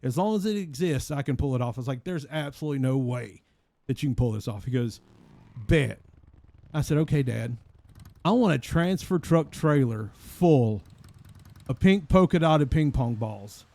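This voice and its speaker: A man in an online role-play game telling a rambling, deadpan shaggy-dog story in character, repeating the same phrase again and again. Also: mid-range voice, normal speed.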